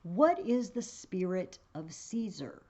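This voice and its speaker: A woman's voice: on the low side, sing-song, slow pace, a little mellow. A woman teaching a play, reading passages aloud with feeling and then explaining them in a casual way.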